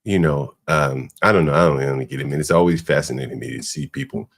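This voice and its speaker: A man's voice: extremely low pitch, fast, creaky. A man hosting a podcast, giving blunt, profane, exasperated commentary on video clips. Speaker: podcast host.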